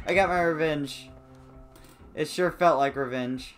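In no hurry, a man talks through a let's play with excitable, over-the-top comic drama, now and then leaping into high, squeaky cries as faint game music plays.

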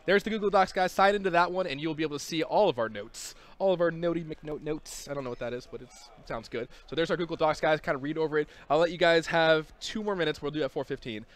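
A young man hosts a game studio livestream, rattling along at a fast clip in a slightly raised voice. He jokes easily and keeps calling out to the chat. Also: on the high side. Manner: joking, excitable, talks to chat. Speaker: community host on a game studio stream.

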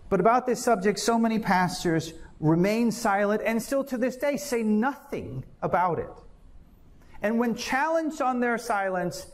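High-voiced man preaching a sermon. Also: animated, a little slow. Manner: earnest preaching, dramatic scripture reading. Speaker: pastor.

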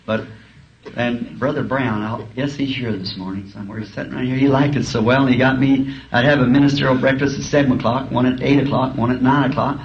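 A man's voice: mid-range voice, fairly even intonation, fairly quick. A male preacher telling humorous, folksy stories in a sermon, chuckling as he talks. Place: school auditorium. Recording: dull lo-fi archive tape, faint hiss.

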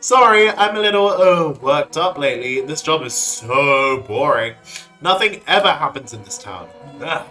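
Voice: medium pitch, expressive, normal speed, faint music behind. Undyne, a streamer doing a brash fish cop. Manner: loud, brash, barking. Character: brash tough fish-woman police chief.

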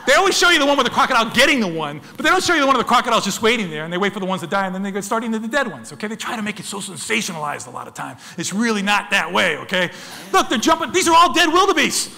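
A man's voice: high voice, very animated, racing, gravelly, sharp tone. A man giving a wildlife photography talk, telling dramatic stories and acting out sounds and voices as he addresses the audience as folks. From United States. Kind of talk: lively storytelling presentation to an audience. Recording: long hall reverb.

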